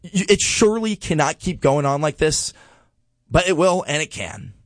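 A man co-hosting a sports podcast, giving exasperated, animated commentary and repeating a refrain. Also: a little high, moderate pace, no echo.

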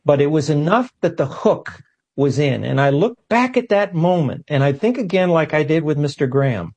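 A man telling his story as an interview guest, animated and self-deprecating with quick asides. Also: on the high side. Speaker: guest, physicist.

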